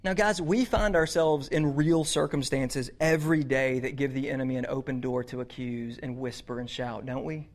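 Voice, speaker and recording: A man's voice: mid-range voice, steady tone, moderate pace, few pauses. A man preaching a conversational, earnest sermon to teenagers. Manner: conversational, earnest, repeats words. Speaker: youth pastor.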